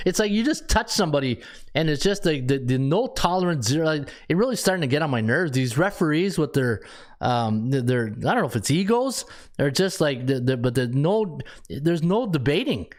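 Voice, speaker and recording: A man hosts a casual sports betting podcast, his voice pitched a little high. He rambles from point to point with lots of restarts. His rants build and he laughs at his own lines. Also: animated, normal speed. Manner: ranting, with many restarts.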